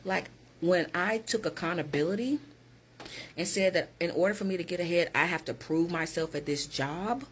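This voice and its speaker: A woman's voice: fairly low pitch, moderate pace, slight background noise. A woman who works as a hiring manager, talking straight to her viewers in a direct, emphatic motivational vlog.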